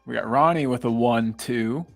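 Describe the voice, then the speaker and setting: A man's voice: mid-range voice, normal speed, creaky, faint music behind. Easygoing man bantering on a podcast. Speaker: podcast co-host. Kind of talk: casual live-stream chat.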